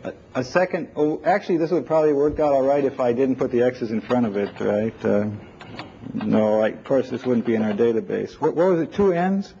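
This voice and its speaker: A man's voice: mid-range voice, a little fast, gravelly, mellow, slight background noise. Man lecturing on a dull old tape. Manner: informal, thinks aloud, takes audience questions. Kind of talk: live technical lecture with on-screen demo. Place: lecture room with audience.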